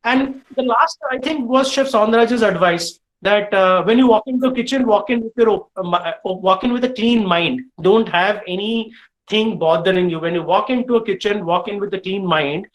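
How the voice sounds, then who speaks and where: A middle-aged man from India with an Indian English accent, a guest chef telling animated stories to students, full of uh fillers. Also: high voice, normal speed, poor audio. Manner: animated, frequent uh fillers, lively storytelling. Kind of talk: storytelling in a live online session.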